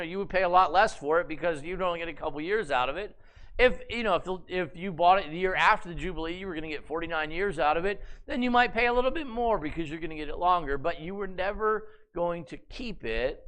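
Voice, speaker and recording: A man preaching with a high, bright voice. He retells the story conversationally, animated and playful, dropping wry asides between the narrative beats. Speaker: pastor. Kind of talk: sermon.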